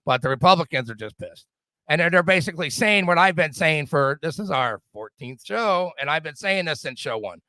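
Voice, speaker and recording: A middle-aged man hosts a podcast in a heated, profane rant, tripping over repeated words as he pushes his points. His voice sits high and bright. The sound is close and dry. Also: lively intonation, fairly quick, no echo. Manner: profane, fired-up, repetitive stammering restarts. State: drinking whiskey. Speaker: podcast host. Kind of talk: casual political rant.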